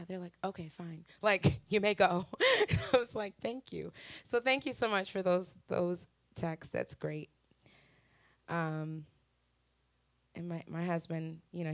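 A woman's voice: on the low side, no echo. Chatty laughing woman, dry and close. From Wisconsin, USA. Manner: laughing, self-mocking, lively storytelling. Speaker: guest speaker and singer at a church. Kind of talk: chatty personal sharing to a congregation.

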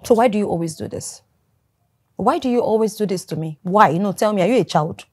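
A woman's voice: mid-range voice, lively intonation, fairly quick, a little mellow, breathy edge, no echo, clean studio sound. A nagging, bossy girlfriend. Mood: irritated. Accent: Nigerian. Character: demanding young girlfriend nagging her jobless man.

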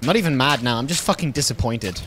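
A man's voice: mid-range voice, expressive, quick pace, background noise. A man giving casual let's-play commentary, exasperated and swearing as he pleads with his game character. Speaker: gaming video host.

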